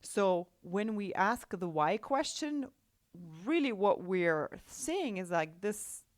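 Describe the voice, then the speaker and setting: A woman's voice: medium pitch, sing-song, slow pace, no room sound, studio quality. A woman hosting a solo podcast as a life coach, talking casually with many restarts and a habit of asking "right?". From Russia.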